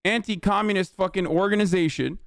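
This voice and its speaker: A man's voice: high voice, a little fast, no echo, studio quality. A man hosting a livestream and giving heated political commentary in a combative, profane rant. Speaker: livestream host.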